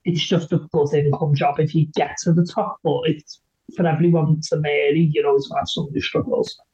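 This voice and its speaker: A man's voice: fairly high pitch, little pitch movement, brisk, mellow, highs cut off. A man co-hosting a podcast in casual chat, rambling with lots of "like". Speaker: podcast co-host.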